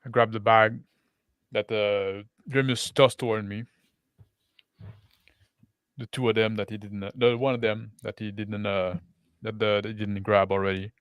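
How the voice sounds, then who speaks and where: Man player, smooth resonant voice, fairly low, dry close sound. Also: fairly even intonation, moderate pace, pauses often, fairly bright tone, no echo. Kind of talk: in-character tabletop play.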